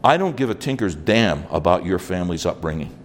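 An older man from New York preaching at a conference, animated, acting out little dialogues and dropping in asides. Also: low voice, brisk, slight background noise. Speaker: conference speaker. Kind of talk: conference sermon.

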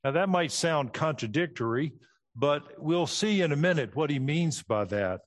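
A middle-aged man preaching an expository sermon, laying out his points in a clear teaching manner and dropping low at the ends of phrases. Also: lively intonation, normal speed. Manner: structured, teaching, drops pitch at phrase ends.

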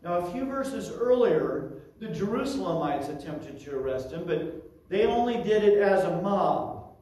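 A man's voice: sits high, very animated, measured pace, darkish tone, very echoey, recorded from a distance, low-quality recording. A man preaching an expository sermon, teaching through a Bible passage with frequent asides.

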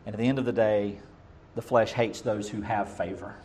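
A middle-aged man preaching a sermon as pastor, emphatic, swinging between loud bursts and quiet asides. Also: fairly low pitch, steady tone, moderate pace, slight background noise.

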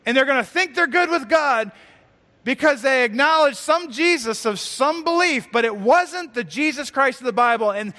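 A male pastor preaching a sermon, musing aloud with repeated words and reading scripture slowly. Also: extremely high pitch, sharp tone, in a large hall.

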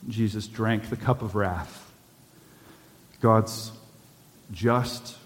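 A man's voice: on the low side, big-room sound. A male pastor preaching a sermon in a church, earnest and building to urgent appeals.

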